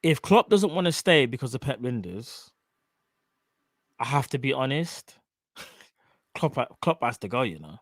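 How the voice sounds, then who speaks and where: Animated, emphatic man. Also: mid-range voice, measured pace, long pauses, no echo, studio quality. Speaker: co-host of a fan show. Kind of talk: casual live-stream chat. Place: home studio.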